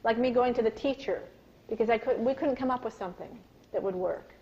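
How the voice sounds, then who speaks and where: A woman giving a live parenting workshop talk to an audience, telling stories with animated, acted-out quotes. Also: on the high side, brisk, highs cut off, slight background noise. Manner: animated storytelling, acts out quoted voices.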